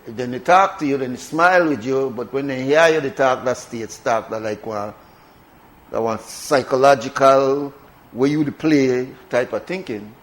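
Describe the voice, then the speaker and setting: A man's voice: mid-range voice, measured pace, poor audio. A man with a Belizean accent hosting a morning radio talk show, chatting casually and repeating words for emphasis. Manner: conversational, emphatic with repetition.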